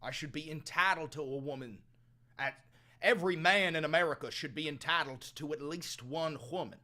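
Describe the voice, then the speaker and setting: A young man playing a crude, brash livestreamer who swaggers, swears and swings from mumbling to shouting. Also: a little high, brisk. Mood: boastful. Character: crude brash male livestreamer, calls everyone brother. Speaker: comedian. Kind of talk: comedic character sketch.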